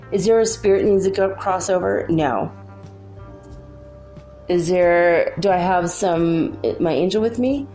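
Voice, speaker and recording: A woman's voice: on the low side, gravelly, a little mellow. A woman hosting a casual solo spiritual talk from her room at home, bubbly and full of "like"s. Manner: chatty, bubbly, many "like"s. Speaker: spiritual channel host.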